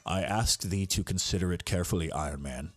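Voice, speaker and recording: A man's voice: low-pitched, a little fast, dry recording. A man reading lines as a noble thunder god king who speaks in solemn, archaic phrasing.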